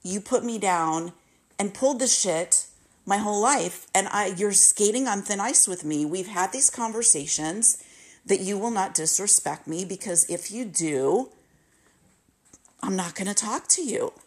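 A woman's voice: medium pitch, lively intonation, a little slow, breathy edge. Candid woman in her fifties, storytelling. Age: 50s. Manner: candid, emotional, repetitive retelling. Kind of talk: casual personal storytelling.

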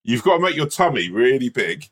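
A man's voice: medium pitch, big pitch swings, fairly quick, a bit bright, breathy edge. A man co-hosting a podcast, chatting casually and telling playful stories with acted voices, often laughing. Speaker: podcast co-host. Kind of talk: casual chat.

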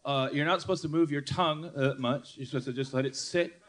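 A man's voice: on the high side, steady tone, fairly quick, fairly bright tone. A man hosting a live comedy podcast, rambling and self-mocking, often laughing, on a noisy live stage. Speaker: host. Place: live stage in a hut venue.

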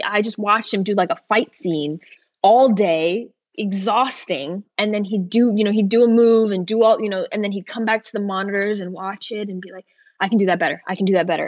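Brief: young woman, talk-show guest, chatty and filler-heavy, middle pitch, dry close mic. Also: dry recording. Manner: chatty, lots of "like" fillers and restarts, laughs easily. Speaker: actor guest. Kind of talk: casual talk-show interview.

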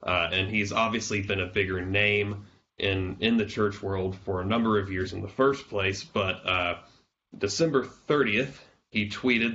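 A man hosting a podcast, hoarse and congested from a cold, chatting casually and laughing now and then. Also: on the low side, fairly even intonation, a little slow, sharp tone, highs cut off. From South Carolina. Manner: chatty, self-deprecating, laughs often. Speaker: podcast host.

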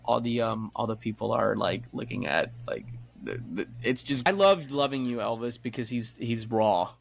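A man of middle pitch talks loosely as a podcast guest, restarting his sentences and leaning on fillers. He comes through a video-call connection. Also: lively intonation, normal speed, creaky, a little hiss or hum. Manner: rambling with many fillers and restarts. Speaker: podcast guest, tribute performer. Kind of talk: casual chat.

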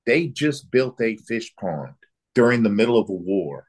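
A low, husky man recounts a story from his days as an interrogator. He talks in quick, clipped bursts and slips into the voices of the people he questioned. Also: very animated. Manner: brisk anecdotal storytelling, acting out quoted exchanges. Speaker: guest, former military interrogator.

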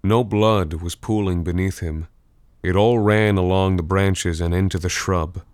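Deep, smooth male horror narrator. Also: steady tone, darkish tone, no echo. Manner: measured, tense first-person storytelling.

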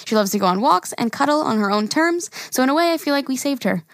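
Chatty woman podcaster, bright higher voice. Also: lively intonation, fast, no echo, clean studio sound. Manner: reads listener emails aloud, chatty and giggly. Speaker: podcast co-host reading listener messages. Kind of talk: casual podcast chat.

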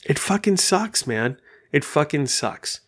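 Animated, swearing man talking casually. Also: fairly high pitch, takes it slowly. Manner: animated, profane storytelling. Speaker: podcast host. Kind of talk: casual monologue.

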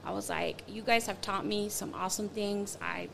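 A woman tells a story in a loose, animated way, playing every person she quotes. Her voice has a gravelly edge. Faint hiss sits under the recording. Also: medium pitch, normal speed. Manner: animated, acts out quotes, many fillers. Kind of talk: casual storytelling chat.

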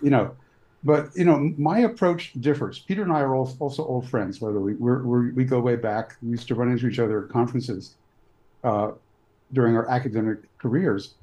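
A man in his sixties from New York, a physician guest giving measured, blunt opinions in an interview. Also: mid-range voice, dark tone, poor audio. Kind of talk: interview answers.

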